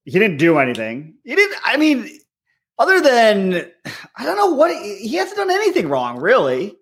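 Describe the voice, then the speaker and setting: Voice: mid-range voice, huge pitch swings, moderate pace, fairly bright tone. A podcast co-host chatting indignantly about a reality show. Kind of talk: casual chat, reality TV recap.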